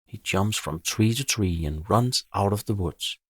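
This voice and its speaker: A man calmly narrating a bedtime story for children in a measured way. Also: lowish voice, slightly rough, no room sound, clean studio sound.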